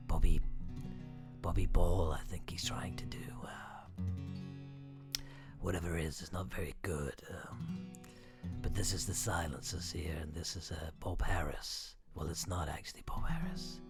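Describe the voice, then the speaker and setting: A man putting on a whispered late-night radio DJ voice, slow and breathy. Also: sits low, steady tone, over loud music, pitched below the performer's own voice. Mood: hushed. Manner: slow, murmured patter.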